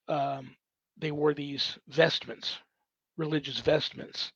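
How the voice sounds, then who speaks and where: A man's voice: a little high, fairly even intonation, unhurried, a bit bright, husky, dry recording, highs cut off. A man, a priest hosting his own show, answers viewer questions at home in a casual, rambling way full of fillers. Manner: rambling, filler-heavy, thinking aloud. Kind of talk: casual livestream Q&A.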